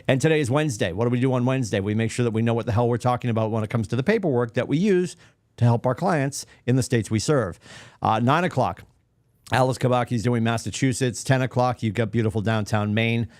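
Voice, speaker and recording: A man hosting a morning office livestream, joking and self-deprecating with quick asides. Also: mid-range voice, a little mellow, dry recording, studio quality. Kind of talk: casual chat.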